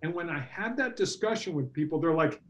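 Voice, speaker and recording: A middle-aged man coaching entrepreneurs in a casual workshop talk, earnest and animated, acting out quoted dialogue. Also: a little high, fairly quick. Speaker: workshop presenter and business coach.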